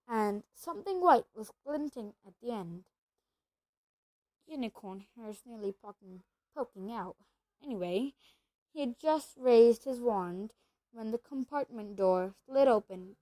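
A woman reads a children's novel aloud at a steady pace, now and then tripping over a word and going back. Her voice sits fairly high and the sound is dry, with no room echo. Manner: steady reading with small slips and self-corrections. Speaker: storybook reader.

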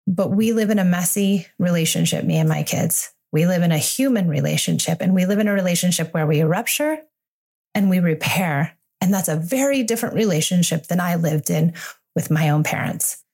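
A woman's voice: on the low side, fairly quick, darkish tone. A woman in her forties, a parenting coach hosting her own podcast, talking in a candid, earnest and reassuring way. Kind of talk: solo podcast monologue.

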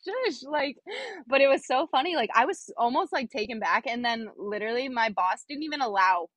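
A young woman chats as a podcast guest, her voice sitting a bit high. She tells her story with animation and acts out what people said, with plenty of fillers. The sound is dry and close. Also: a little fast, no echo. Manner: animated, acts out quoted dialogue, many fillers. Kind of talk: casual storytelling chat.

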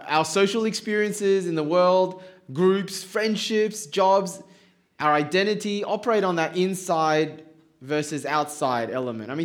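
Guy preaching at church, kinda high voice, chatty and jokey, keeps asking the crowd stuff. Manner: conversational, playful, asks the congregation questions. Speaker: pastor. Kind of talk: sermon.

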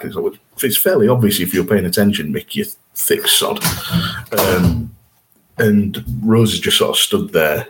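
A man's voice: sits low, normal speed, noisy background. A man co-hosting a podcast, chatting casually about an episode and laughing often. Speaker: podcast co-host. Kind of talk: casual chat reviewing an episode.

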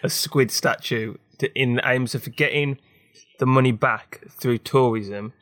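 A man's voice: mid-range voice, fairly even intonation, measured pace, a bit bright, no echo, clean studio sound. A young man hosting a casual podcast, sardonic and sweary. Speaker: podcast host. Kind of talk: casual chat.

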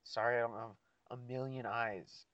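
A man's voice: mid-range voice, fairly even intonation, moderate pace, fairly bright tone, no room sound. A man ranting casually to his listeners about his job, rambling and swearing a lot. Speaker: seasonal mall Santa photo worker. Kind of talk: casual profane rant to listeners. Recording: dull, dry lo-fi recording.

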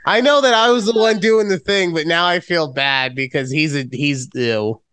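A man in his late thirties co-hosting a podcast, telling stories in a rambling, animated way, swearing freely and poking fun at himself. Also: fairly high pitch, moderate pace, clean tone, no echo. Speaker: podcast co-host. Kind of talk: casual chat.

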